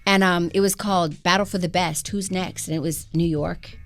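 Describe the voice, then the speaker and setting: Low-voiced chatty woman guest on radio. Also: steady tone, moderate pace. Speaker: musical co-creator, guest. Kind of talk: casual interview chat. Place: radio studio.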